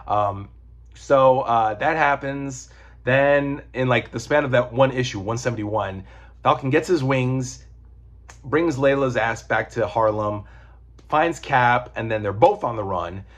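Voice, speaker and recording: A man talks through a comic collection in a loose, rambling way, with the odd swear word. His voice has a husky grain and sits at an ordinary middle pitch. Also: measured pace, dull audio. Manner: rambling, profane, digressive. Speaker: comic book reviewer. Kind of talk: casual chat.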